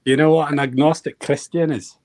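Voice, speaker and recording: A man's voice: a little high, steady tone, fairly quick, darkish tone, no room sound. A man calling into a live stream, pushy, repeating his challenges. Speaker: caller.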